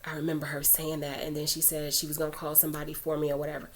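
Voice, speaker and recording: Low-voiced woman telling a rambling story. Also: completely flat delivery, rapid-fire. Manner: rambling, chatty, full of asides and fillers; earnest, preachy when urging prayer. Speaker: vlogger telling a personal faith story. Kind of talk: casual storytelling to camera.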